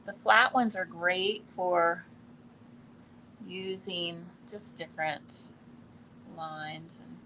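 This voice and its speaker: A woman doing a live painting demonstration, relaxed and thinking aloud as she works, often trailing off mid-sentence. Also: fairly low pitch, very slow, pauses often, a little hiss or hum. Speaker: art instructor. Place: quiet indoor studio in a building.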